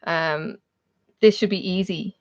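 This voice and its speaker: A woman's voice: lowish voice, steady tone, slow. Chatty Irish woman hosting a livestream. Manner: chatty, laughs often, reads out viewers' names. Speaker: livestream host. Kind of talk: casual live chat with viewers. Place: home, in Australia. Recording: dull lo-fi stream audio.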